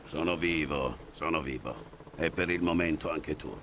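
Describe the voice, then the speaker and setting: A man voicing a gruff, threatening male commander in a dubbed game cutscene. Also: a bass voice, moderate pace. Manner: bossy and threatening. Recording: noisy game audio.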